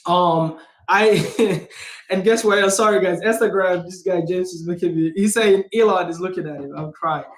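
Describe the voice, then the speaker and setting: A man hosting a livestream as a real estate investor, speaking in a casual, energetic, emphatic way and repeating phrases for punch. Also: high-pitched, normal speed, roomy sound. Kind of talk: casual motivational talk.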